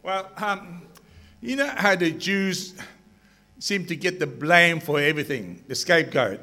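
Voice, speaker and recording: A man telling jokes to a crowd at a slow, drawn-out pace, laughing at his own punchlines. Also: fairly high pitch, expressive, sharp tone, big-room sound. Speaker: joke teller. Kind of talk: stand-up joke telling to a crowd.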